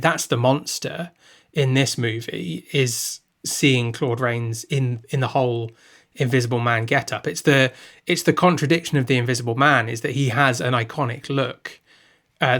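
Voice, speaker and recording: A man's voice: medium pitch, fairly bright tone. A man co-hosting a podcast, chatting casually about classic films and often restarting his sentences as he thinks aloud. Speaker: podcast co-host. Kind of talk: casual film discussion.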